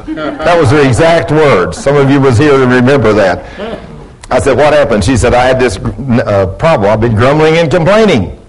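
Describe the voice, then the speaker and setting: A preacher delivers his sermon in a folksy, storytelling way. He slips into the voices of his church members as he tells what they said. His pitch is middle for a man. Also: lively intonation, normal speed, low-quality recording. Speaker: pastor.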